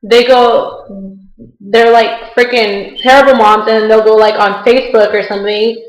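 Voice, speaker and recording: A woman's voice: on the high side, flat delivery, normal speed, dull audio, soft background music. A young woman vlogger complaining in chatty, indignant casual talk. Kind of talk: casual rant. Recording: echoey room.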